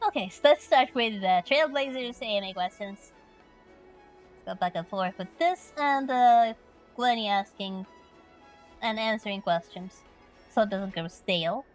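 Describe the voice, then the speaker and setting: Relaxed woman with soft music behind. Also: mid-range voice, a little slow, low-quality recording. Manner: relaxed, with frequent "uh" fillers.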